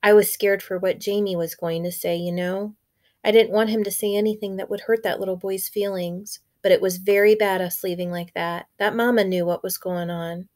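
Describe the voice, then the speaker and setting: A woman's voice: medium pitch, fairly even intonation, normal speed, darkish tone, close to an everyday voice. A woman voicing a stern but caring babysitter who scolds and calls on the Lord. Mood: earnest.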